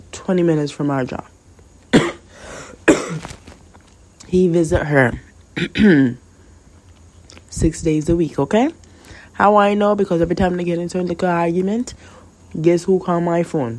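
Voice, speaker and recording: A woman talks through a personal story on her podcast, low in pitch and unhurried. Her voice is mellow and dark. She is blunt and candid, plays both sides of each exchange, and coughs now and then. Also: low-quality recording. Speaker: podcast host. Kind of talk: casual storytime monologue.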